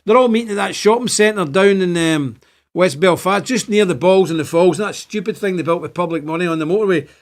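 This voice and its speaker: A man's voice: high-pitched, brisk. An older man with a Northern Irish accent hosting a livestream, rambling and laughing as he reads out the chat. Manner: rambling, animated, laughs between points. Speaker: show host. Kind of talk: livestream commentary reading chat.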